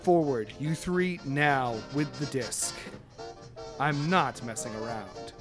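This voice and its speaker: A man voicing a cold, menacing military colonel who makes slow, quiet threats. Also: mid-range voice, close to an everyday voice. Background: background music.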